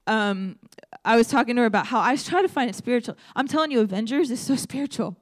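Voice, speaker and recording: A woman's voice: a little high, expressive, fast. A young adult woman preaching a sermon in a conversational, storytelling way, speaking directly to her audience.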